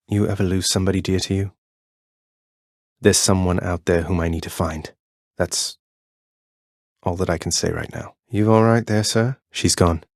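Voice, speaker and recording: A man's voice: low-pitched, darkish tone, dry recording, studio quality. A man voicing an earnest, friendly young prince of the underworld in game dialogue, speaking with sincere sympathy. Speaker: video game character.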